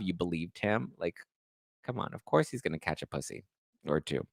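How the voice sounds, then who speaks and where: A man hosting a podcast, gossiping about reality TV with sarcastic, animated commentary and mocking high-pitched quotes. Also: moderate pace, creaky, dry recording, studio quality. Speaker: podcast host.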